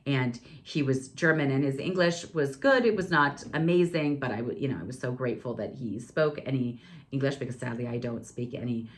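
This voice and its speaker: A woman in her forties with a low-pitched voice shares personal stories on a podcast. She talks fast and chattily, with plenty of "um" and "you know" along the way. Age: 40s. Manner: chatty, lively, fast-talking, with many fillers. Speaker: podcast guest. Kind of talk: personal storytelling.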